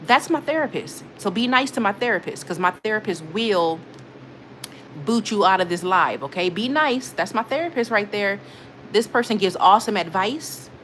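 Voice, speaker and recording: A woman hosts a late-night livestream in an easy, middle-pitched voice, chatting straight to her viewers as she reads their comments. She talks animatedly and repeats herself, swinging between gushing and brushing off trolls. A faint hiss of noise sits under the recording. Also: moderate pace. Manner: animated, emotional, laughing often, repeats herself. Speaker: livestream host. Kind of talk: casual live chat reading viewer comments.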